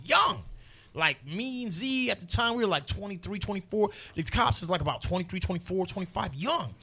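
A man in his forties telling a story in casual chat, acting out the people in it with loud, mocking voices. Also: high voice, lively intonation, a little fast, slightly rough.

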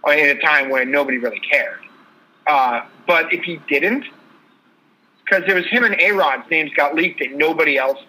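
A man's voice: a little high, moderate pace, pushed and bright, low-quality recording. A man co-hosting a casual sports podcast, telling stories and listing trade details. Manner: storytelling, lists trade details. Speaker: podcast co-host.

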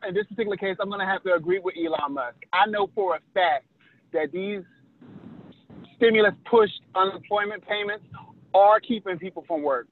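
Give me a high-pitched man cutting in jokily over a phone-like line. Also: fairly quick. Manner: joking, contrarian interjections. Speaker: podcast co-host. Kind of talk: casual political chat.

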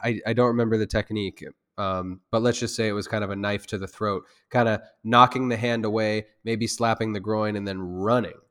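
A man with a fairly low voice talks through an interview as a self-defense instructor. He rambles, restarts his sentences and leans on fillers. He turns loud and heated when he drives a point home. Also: steady tone, fairly quick, few pauses, clean tone. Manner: loose, rambling talk with many restarts and fillers. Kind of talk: conversational interview.

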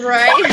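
Slow-spoken woman guest, laughing often. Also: very high-pitched. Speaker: podcast guest, yoga teacher. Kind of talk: casual chat. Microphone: video call.

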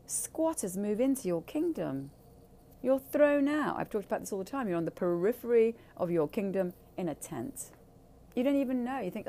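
A woman's voice: medium pitch, expressive, normal speed, mellow, slight background noise. A woman speaking candidly in a blunt, profane and emphatic way. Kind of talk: candid casual talk.

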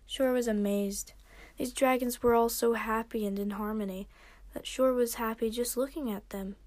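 Woman podcaster, slightly high voice, casual amateur story reading. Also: fairly even intonation, normal speed, a little mellow. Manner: casual, with slips and restarts. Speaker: podcast host reading fan fiction.

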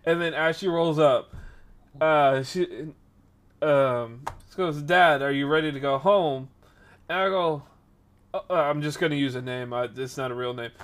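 A man's voice: fairly high pitch, normal speed. A man in his twenties casually telling a rambling story on a podcast stream, with lots of fillers. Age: 20s. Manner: rambling, animated retelling with frequent fillers.

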